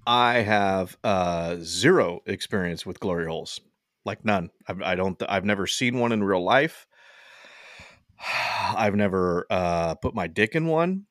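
A man's voice: a little slow, fairly bright tone, no echo, studio quality. A man in casual chat, joking along and riffing on his co-host's story. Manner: joking, riffs with mock high-pitched quotes.

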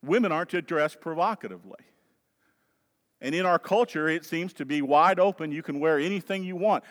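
A Southern preacher with a high, ringing voice that carries through a long-reverb sanctuary. He drives his points hard and loud, then drops low and soft for an aside. The delivery is emphatic, fervent and pulpit-ready. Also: a little fast. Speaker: pastor. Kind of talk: sermon.

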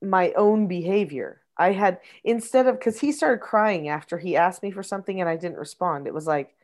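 A woman's voice: on the low side, normal speed, a little mellow. A middle-aged woman, a mother, talking casually and reflectively about parenting, explaining her ideas with frequent restarts. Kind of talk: casual conversational advice.

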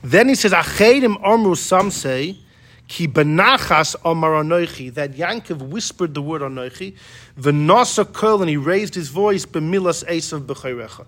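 A man's voice: fairly high pitch, moderate pace. A man teaching a casual Torah class to a group, acting out the quotes as he explains them and often restarting his sentences. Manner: animated, acts out quotes, many restarts. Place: classroom with students.

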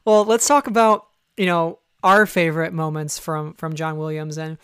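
A podcast co-host in casual chat, chatty and warmly engaged. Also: medium pitch, level tone, moderate pace, smooth, dry recording, studio quality.

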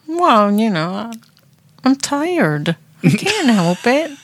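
Playful podcast co-host, woman in her fifties, animated and bright, dry close recording. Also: a little high, takes it slowly, no echo. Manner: teasing, playful, reads aloud. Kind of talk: casual chat.

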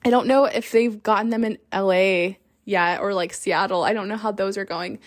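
A woman in her thirties hosting a podcast, telling a story in an excitable, chatty way full of fillers. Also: mid-range voice, normal speed. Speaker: podcast host. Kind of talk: casual chat.

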